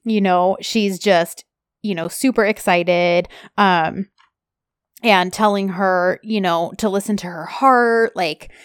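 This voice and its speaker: A woman co-hosting a casual chat, retelling scenes in a chatty, animated way with lots of fillers. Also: mid-range voice, slow, clear, resonant tone, no room sound, clean studio sound. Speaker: podcast co-host recapping a TV series.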